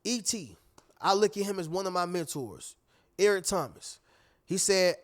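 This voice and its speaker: A man's voice: high voice, animated, moderate pace. A man giving a motivational talk, preachy and repetitive, often addressing listeners as family. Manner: preachy, repeats phrases, calls listeners "y'all" and "family". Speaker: motivational speaker. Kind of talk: motivational monologue.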